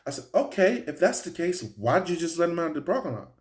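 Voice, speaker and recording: A man's voice: on the high side, quick pace. A man telling a story in a casual, profane street style, acting out the people in it. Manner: animated, profane street storytelling with acted-out quotes.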